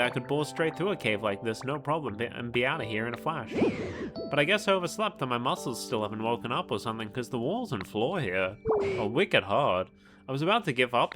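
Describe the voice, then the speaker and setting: A man voicing a friendly, easygoing giant rock snake creature from a video game, chatty and buddy-like, with a vague put-on accent. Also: a little high. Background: game music.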